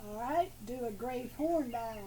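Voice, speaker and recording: Woman moderator, short plain prompts, somewhat high and mellow, outdoors and a bit off-mic. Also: lively intonation, unhurried, slight background noise. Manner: brief, matter-of-fact prompts. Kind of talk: prompting questions. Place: outdoors in a backyard.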